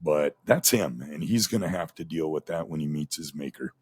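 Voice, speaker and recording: A man's voice: rumbling low, normal speed, a little mellow, husky, dry recording. A middle-aged man, a former radio host, telling a candid personal story in a plainspoken, aggrieved way. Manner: plainspoken, aggrieved, recounts dialogue in quotes.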